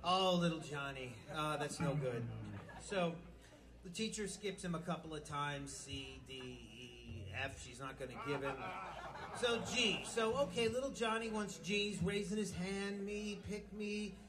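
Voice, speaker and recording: बेतरतीब, भद्दे चुटकुले सुनाता ऊँची आवाज़ वाला आदमी. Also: male voice, fairly high pitch, unhurried. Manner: rambling, crude, loose storytelling. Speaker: stand-up comedian. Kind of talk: live stand-up joke telling. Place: small live venue with music. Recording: live club recording with crowd and music. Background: music and audience noise.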